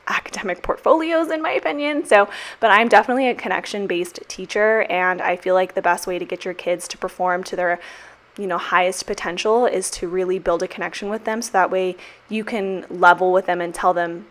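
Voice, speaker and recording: Young woman, teacher, casual kitchen voiceover, lowish voice, emotional and rambling. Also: fairly quick, fairly bright tone. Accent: American. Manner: chatty, emotional, many fillers and "like". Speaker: teacher and planner vlogger. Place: home kitchen.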